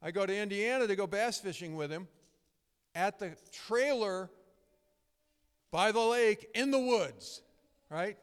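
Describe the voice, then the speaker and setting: A man's voice: sits high, a little slow, pauses often, clear, resonant tone. A middle-aged man preaching a sermon, conversational and emphatic, telling stories with frequent restarts. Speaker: pastor. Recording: long hall reverb.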